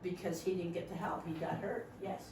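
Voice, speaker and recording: A woman's voice: lowish voice, fairly quick, echoey room, far from the mic, background noise. A middle-aged woman training volunteers in a meeting room, joking often and acting out what other people say. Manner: animated, joking, acts out quoted voices.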